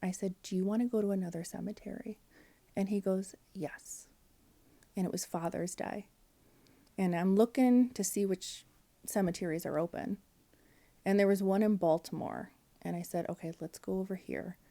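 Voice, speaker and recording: A woman in her forties tells a personal story on a podcast, candid and emotional. Her voice sits a little low and sounds warm and mellow. She fills gaps with "um" and acts out what people said. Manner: candid, emotional, with frequent fillers and quoted dialogue. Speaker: podcast guest.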